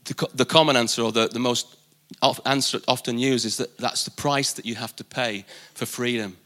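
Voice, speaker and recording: A man's voice: mid-range voice, fairly even intonation, brisk, fairly bright tone. A man preaching a live sermon at a church service, emphatic, repeating key phrases for weight. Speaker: pastor.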